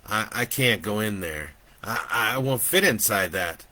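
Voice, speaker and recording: A man's voice: on the low side, animated, unhurried, bright, forceful tone, full character voice. A man voicing a hungover, foul-mouthed grown man who swears and stammers in panic. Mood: frightened.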